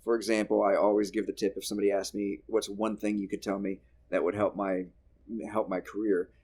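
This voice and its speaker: Gravelly-voiced male podcast host. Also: on the low side, flat delivery, brisk. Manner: storytelling, laughs loudly at guest's jokes. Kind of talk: casual interview chat.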